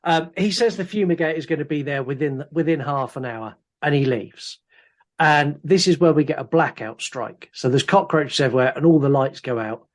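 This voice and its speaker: A man's voice: on the high side, normal speed. A man co-hosting a podcast, retelling scenes animatedly in casual chat. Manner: animated retelling, acts out lines from the film. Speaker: podcast co-host.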